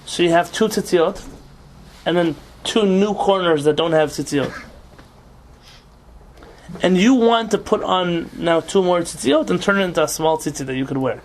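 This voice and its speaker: A man's voice: high voice, lively intonation, moderate pace, slight background noise. A man teaching an informal religious law class as rabbi, explaining with rhetorical questions and Hebrew terms.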